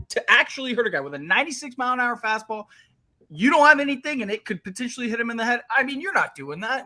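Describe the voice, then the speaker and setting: A man's voice: high-pitched, pushed and bright. A man co-hosting a sports talk show, blunt and dismissive in his points.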